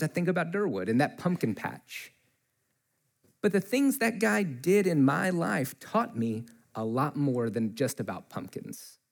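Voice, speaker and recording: A male pastor preaches in a church, speaking into a close microphone. His voice sits a bit higher than most men's. He tells stories in a relaxed, conversational way and acts out the people he quotes. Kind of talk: sermon with personal storytelling. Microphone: mic close to the face.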